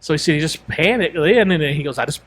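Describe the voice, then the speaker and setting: A man's voice: on the high side, lively intonation, fast talker. A man co-hosting a podcast, telling a long story in casual chat and rambling through quoted asides and restarts. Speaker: podcast co-host.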